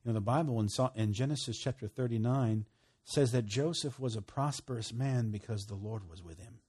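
A man preaching a sermon, emphatic, moving between loud bursts and hushed, quiet lines. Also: mid-range voice, brisk, breathy edge. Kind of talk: sermon teaching.

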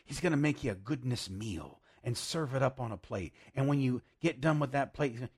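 A male preacher with a husky, slightly raspy voice delivers a sermon in a lively, swooping pitch. He talks plainly and emphatically, jumping from loud exclamations to hushed, whispered asides. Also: fairly quick, few pauses. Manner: laughs often, direct and plain-spoken.

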